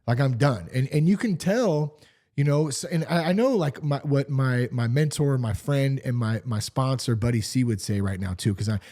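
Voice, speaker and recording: A man in his forties hosting a podcast solo, talking in an animated, candid way and swearing freely. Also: medium pitch, moderate pace. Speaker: podcast host. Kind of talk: casual solo podcast talk.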